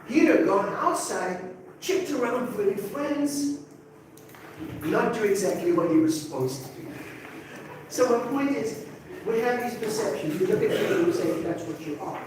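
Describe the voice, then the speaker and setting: A man's voice: sits high, a little mellow, slight background noise. A man in his sixties from Africa, teaching a class in a conversational way, asking rhetorical questions and checking in with "okay?". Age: 60s. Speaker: English teacher. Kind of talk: classroom talk to students. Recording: very echoey room from far off, faint ambience.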